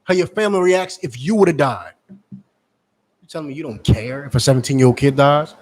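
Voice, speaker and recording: A man preaching in a forceful, scolding way, repeating his points. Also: mid-range voice, expressive, moderate pace. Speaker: street preacher. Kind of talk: street-corner preaching.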